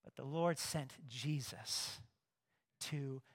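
A male pastor preaching a sermon, lively, swinging between hushed asides and loud emphatic bursts. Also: medium pitch, slow.

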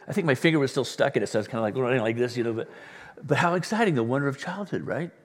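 A middle-aged male pastor delivering a sermon, telling stories with lively quoted voices. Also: medium pitch, rapid-fire, a little hiss or hum. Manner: animated storytelling with quoted voices. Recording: church hall with long reverb.

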